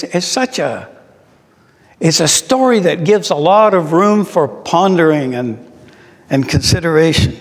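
Male preacher, middle-aged, unhurried and thoughtful, fairly high voice, long hall reverb. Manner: slow, reflective, with rhetorical questions. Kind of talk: sermon.

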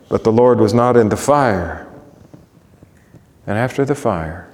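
A man's voice: on the low side, slow. Preacher man in a reverberant hall. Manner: dramatic reading, swelling loud then dropping to a hush. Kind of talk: sermon with scripture reading.

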